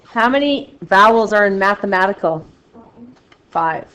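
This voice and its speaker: A woman teaching a math lesson to a class, loud and excitable, joking about herself as she works through problems. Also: mid-range voice, measured pace, low-quality recording. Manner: loud, excitable, self-mocking.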